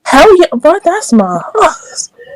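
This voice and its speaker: A woman's voice: extremely high pitch, sing-song, slow pace, noisy background. A young woman from New York City with a New York accent, blunt and profane in casual chat.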